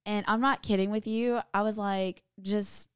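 A woman co-hosts a podcast in easy, joking chat, her voice a little hoarse. She laughs often and talks in a mid-range pitch. The mic is close and dry. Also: steady tone, no room sound. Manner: chatty, jokey, quick laughter. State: slightly hoarse. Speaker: podcast co-host. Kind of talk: casual chat.

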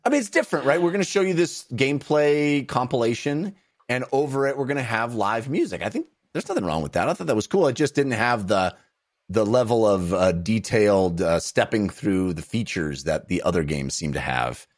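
A man co-hosting a video game podcast in casual chat, talking in a halting, playful way. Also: mid-range voice, expressive. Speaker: podcast co-host.

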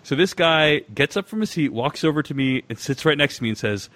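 A man's voice: a little high, expressive, brisk, hardly any pauses, fairly bright tone, no echo. A man hosting a podcast, chatting casually and reading a listener's email aloud, with many filler sounds. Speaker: podcast host.

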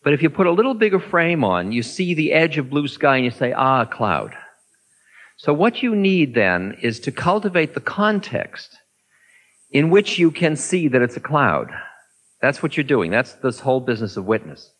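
A man's voice: a little high, big pitch swings, normal speed, a bit bright, rough recording. A man teaching meditation, answering an audience question in a talk and acting out inner thoughts in little voices.

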